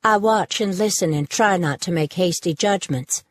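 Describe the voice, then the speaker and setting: A woman reading an audiobook, voicing a prim, tense young woman with a husky voice and a faint Southern US accent. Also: on the low side, normal speed, no echo, lightly acted. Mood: prim, annoyed. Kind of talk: audiobook character voice.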